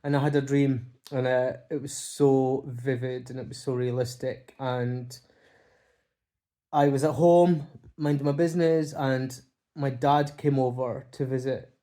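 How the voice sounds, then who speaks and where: A man talks to his viewers from home, his voice mellow and dark in tone. He speaks haltingly and from the heart, with restarts, pauses and soft fillers. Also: medium pitch, steady tone. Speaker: vlogger. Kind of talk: casual emotional monologue. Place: home, by a window.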